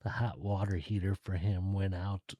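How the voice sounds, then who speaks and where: A man hosting his own podcast, talking casually and directly to his listeners in a relaxed, chatty way. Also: low voice, normal speed, no echo. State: tired, yawning. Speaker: podcast host. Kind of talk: casual solo podcast talk.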